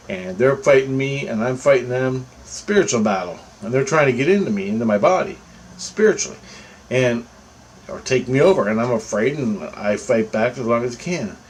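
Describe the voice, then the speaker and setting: A man telling a personal story in a rambling, casual way, getting animated when he quotes what others said. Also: mid-range voice, slight background noise, poor audio.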